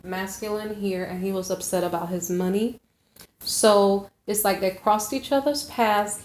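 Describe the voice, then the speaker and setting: A woman with a medium-pitched, darkish voice gives viewers a casual tarot reading. She rambles and corrects herself as she goes, frequently checking in with "okay?" The recording has a roomy echo.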